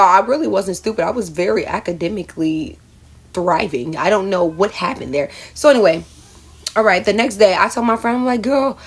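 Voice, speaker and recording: Chatty woman telling a storytime. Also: mid-range voice. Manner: chatty, addresses viewers as y'all, laughs at herself. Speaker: storyteller vlogger. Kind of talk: casual storytime vlog.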